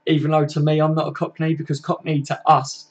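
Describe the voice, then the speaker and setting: Chatty lad, matey. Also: male voice, a little high, monotone, a little fast. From England. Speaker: fan channel host. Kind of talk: casual live stream chat.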